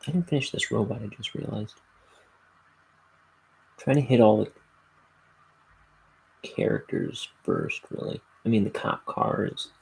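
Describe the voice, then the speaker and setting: A man's voice: fairly low pitch, unhurried, creaky, pauses often, a little mellow, husky, rough recording. An American man chatting casually to his stream while inking, rambling and laid-back. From United States. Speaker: artist streaming while inking a graphic novel.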